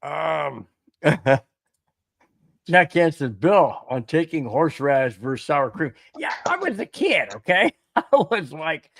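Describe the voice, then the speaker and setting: A man co-hosting a casual sports podcast, telling animated stories, laughing often and stumbling over his words. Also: on the high side, slow, creaky. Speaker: podcast co-host.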